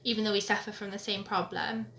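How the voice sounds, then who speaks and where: A woman's voice: medium pitch, flat delivery, fast, a bit bright, slight background noise. A young woman vlogging, telling stories in a chatty, giggly way. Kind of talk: casual chat. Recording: echoey room.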